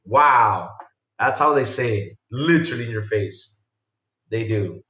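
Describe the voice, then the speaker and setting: Man, casual live-stream host, animated exclamations, reads chat aloud, roomy echo, sits back from the mic. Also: medium pitch, measured pace, far from the mic. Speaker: podcast host reading chat.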